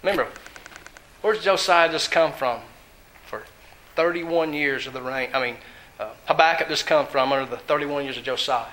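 A man's voice: fairly high pitch, normal speed, pauses often, pushed and bright, echoey room, poor audio. A man preaching a sermon in an earnest, conversational way, often asking his listeners questions.

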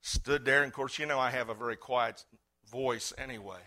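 A middle-aged man preaching a sermon, swinging between loud fervent cries and quiet earnest talk. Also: mid-range voice, fairly even intonation, a little fast, slight background noise. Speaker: pastor.

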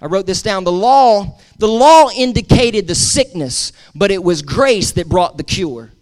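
High-voiced man preaching emphatically. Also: lively intonation, a little slow, darkish tone. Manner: emphatic preaching with call-and-response to the congregation; repeats words for emphasis, conversational asides. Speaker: pastor. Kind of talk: sermon.

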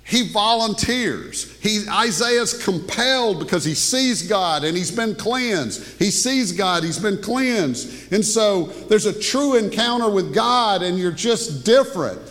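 A male preacher with a slightly high voice talks to his congregation like a conversation. He drops into hushed asides and then lifts his voice to drive points home. A long reverb from the hall trails after his words. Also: expressive, slow, hardly any pauses. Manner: conversational preaching, swinging between hushed asides and raised emphasis. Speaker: pastor. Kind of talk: sermon. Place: church sanctuary.

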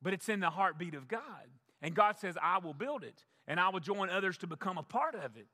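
In a reverberant church sanctuary, a male pastor delivers an emphatic sermon, repeating key phrases to the congregation. He speaks briskly in a high, bright, forceful voice with lively intonation.

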